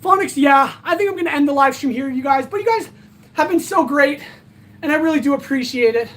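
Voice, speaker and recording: A high-pitched woman winds down a casual livestream, rambling and earnest as she thanks her viewers. She sounds tired and a little out of breath, and her bright voice stays light even as it sags with exhaustion. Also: brisk. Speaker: livestream host. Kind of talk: casual livestream sign-off chat.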